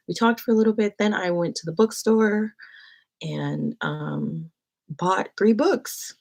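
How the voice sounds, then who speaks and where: A young adult woman casually telling an animated, rambling story on her live stream. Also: medium pitch, moderate pace, creaky, breathy edge. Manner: animated, rambling, acts out quotes.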